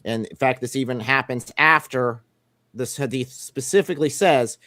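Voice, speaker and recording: A man co-hosting a call-in debate, reading quoted passages slowly and deliberately. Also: medium pitch, bright, forceful tone, no room sound, clean studio sound.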